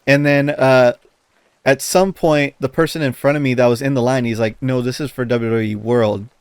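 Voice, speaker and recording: A man co-hosting a podcast, telling a story in casual chat, animated, laughing as he talks and swearing often. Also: medium pitch, normal speed, smooth, no echo. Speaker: podcast co-host.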